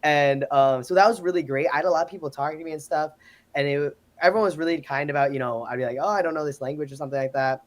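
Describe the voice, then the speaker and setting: Guy telling study abroad stories on a live panel, animated, keeps doing the voices of people he quotes. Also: a little high, fast talker. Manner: animated storytelling, acts out quotes. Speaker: exchange student guest. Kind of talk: casual panel talk.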